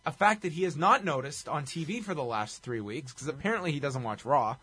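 A man's voice: fairly high pitch, lively intonation, a little fast, few pauses, a bit bright, breathy edge, dry recording. A man co-hosting a podcast, wryly recapping a show from his notes in clipped bursts. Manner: wry, running through notes in clipped bursts. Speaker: podcast co-host. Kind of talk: casual recap chat.

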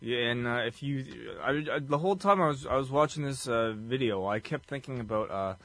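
A man's voice: mid-range voice, a little fast, fairly bright tone, no echo. A man co-hosting a podcast, chatting in a laid-back, rambling way with lots of fillers. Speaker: podcast co-host. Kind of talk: casual recap chat.

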